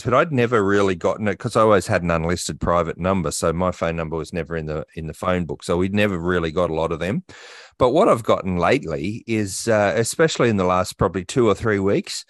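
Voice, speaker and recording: Deep-voiced Australian man, casual storyteller. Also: no room sound, clean studio sound. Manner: rambling storyteller, frequent fillers. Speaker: podcast co-host. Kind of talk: casual chat.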